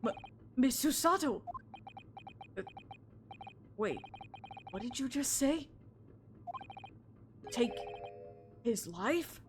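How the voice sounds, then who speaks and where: A woman's voice: a little high, expressive, very slow, pauses often, background noise, voice pushed up. Streamer doing a panicky young guy, stammers a lot. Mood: flustered. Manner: flustered, stammering. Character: flustered young male law student.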